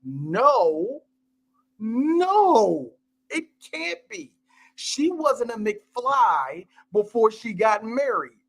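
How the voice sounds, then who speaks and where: A man co-hosting a casual movie podcast, animated, joking and full of slang. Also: very high-pitched, very slow, gravelly. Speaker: podcast co-host. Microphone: live stream mic.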